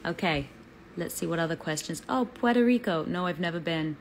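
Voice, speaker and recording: A woman's voice: lowish voice, lively intonation, fairly quick, slight background noise, rough recording. A woman with an English accent chatting on a live fan Q&A, bubbly and talkative as she greets viewers. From England. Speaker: actress answering fan questions.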